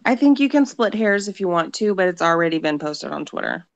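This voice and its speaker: A woman's voice: fairly low pitch, sing-song, gravelly. A woman chatting casually on a podcast, hesitant and laughing easily. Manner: slow, hesitant, laughs often. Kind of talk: casual chat.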